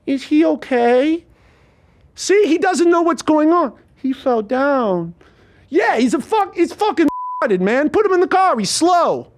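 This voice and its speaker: A man doing a shrill, jumpy crook. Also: big pitch swings, a little slow, heavily acted. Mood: agitated. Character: nervous rough criminal man, shrill and jumpy.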